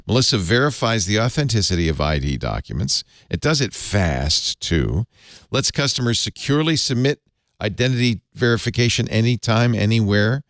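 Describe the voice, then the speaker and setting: Brief: man tech show host, low voice, animated delivery, dry close mic, reads ads with fumbles. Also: dry recording. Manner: lively, chatty, halting with many fillers. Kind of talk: tech news panel chat and live ad read.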